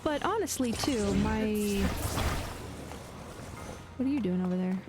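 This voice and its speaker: A woman's voice: medium pitch, lively intonation, unhurried, long pauses, over music. A woman streamer chatting casually while playing a game, laughing often and trailing off into fillers and restarts. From United States. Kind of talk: casual chat while gaming.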